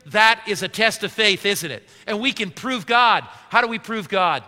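A man delivers a sermon as pastor, his voice high and strikingly bright. He tosses questions out for the congregation to finish, and the sound rings with a long hall reverb. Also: animated, moderate pace, few pauses. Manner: call-and-response questions to the congregation.

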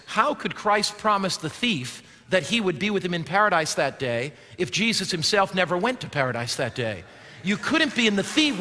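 A man preaching with a high, bright, ringing voice that carries through a big reverberant hall. He moves from loud, emphatic declarations down to hushed, quiet lines, pressing every point like a pastor working his congregation. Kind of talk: sermon.

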